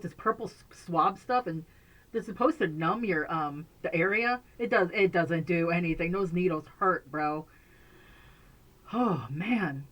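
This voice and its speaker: Rambling woman chatting to camera, low voice. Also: fairly bright tone, poor audio. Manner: rambling, many fillers and restarts, laughs often. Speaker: vlogger. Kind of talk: casual chat to camera. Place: messy room at home.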